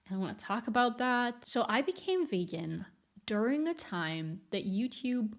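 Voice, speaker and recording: A woman's voice: a little high, very animated, moderate pace. Young woman, YouTuber, casual commentary, blunt, candid, laughs often.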